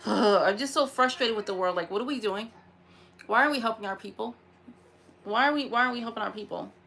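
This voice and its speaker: A woman's voice: on the high side, brisk, vocal fry, pauses often, fairly bright tone. A woman talking to her vlog camera in a frustrated, upset rant, sighing and repeating herself, close to tears at times. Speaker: vlogger.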